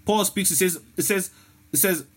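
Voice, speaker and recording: A man's voice: high voice, moderate pace, slightly rough. A man preaching a sermon, often repeating words and restarting his sentences.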